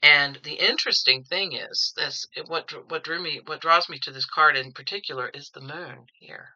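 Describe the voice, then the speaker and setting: A woman talks through a tarot reading at home in a casual, opinionated way, circling back and repeating words as she goes. Her voice sits a bit low and comes across very sharp and forceful, with a dull, lo-fi sound. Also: normal speed. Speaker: tarot reader.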